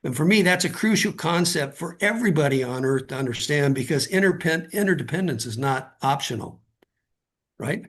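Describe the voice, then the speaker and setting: Middle-aged male guest, fairly high voice with a husky rasp, earnest and halting. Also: expressive. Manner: earnest, halting, repeats words when starting a thought. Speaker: guest author. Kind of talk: conversational storytelling.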